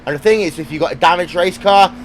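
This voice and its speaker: A man doing live sim racing commentary, brisk and jokey, on a headset mic. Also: high voice, a little hiss or hum. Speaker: race commentator.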